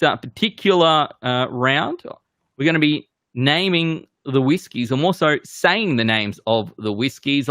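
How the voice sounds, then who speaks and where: Bright-voiced, rambling game show host. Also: male voice, a little high, smooth, no echo, clean studio sound. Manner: self-deprecating, loose and rambling. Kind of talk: casual hosting banter.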